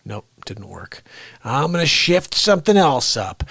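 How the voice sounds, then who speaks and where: A man's voice: mid-range voice, big pitch swings, a little slow, vocal fry, fairly bright tone, slightly rough, no echo. A man hosting an unscripted livestream, rambling and joking and then griping when his tech won't work. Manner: rambling, jokey, frustrated with tech. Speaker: livestream host.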